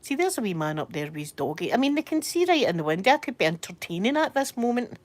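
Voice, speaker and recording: A woman's voice: mid-range voice, sing-song, fast talker. A Scottish woman chatting casually from bed during a livestream, telling rambling stories and answering viewer comments. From Scotland. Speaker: livestream host. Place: in bed at home.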